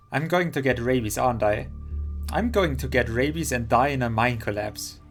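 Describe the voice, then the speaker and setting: A man's voice: mid-range voice, normal speed, soft background music, close to an everyday voice. A man voicing a nervous, superstitious young woman who frets anxiously, reading a game's lines aloud. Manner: anxious, fretful.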